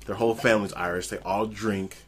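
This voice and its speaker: A man's voice: on the low side, fairly even intonation, a little fast, over a noisy crowd. A man telling a story in a casual podcast chat, laid-back and laughing as he talks.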